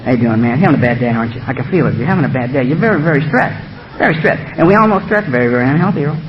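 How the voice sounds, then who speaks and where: A man voicing his addiction as a sly, coaxing male beast that speaks in a low, hushed, falsely loving voice. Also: expressive, fast talker, muffled recording, noisy background. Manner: soothing, persuasive, falsely affectionate.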